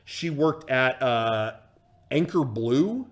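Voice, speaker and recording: Animated man telling a wild story. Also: mid-range voice, slow pace. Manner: animated, swears freely, lots of fillers and restarts. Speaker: streamer and storyteller. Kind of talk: casual livestream storytelling.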